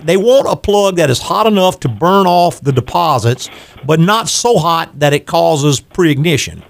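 A man's voice: on the high side, animated, measured pace, gravelly. An older man hosting a call-in radio show on car repair, explaining at length and laughing easily. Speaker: radio show host, garage owner.

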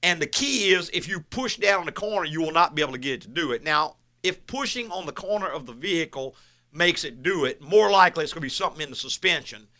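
Man, car radio host, fairly high voice, bright tone, practical advice. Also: expressive, quick pace. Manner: plainspoken, practical, explains step by step. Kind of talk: call-in advice talk.

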